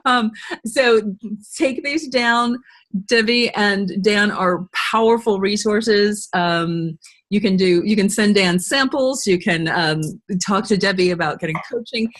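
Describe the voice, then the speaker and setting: Woman webinar host, mid-range voice, chatty and animated, laughs often. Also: medium pitch, slight background noise. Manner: chatty, laughs often, rushes through stories. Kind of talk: casual webinar Q&A.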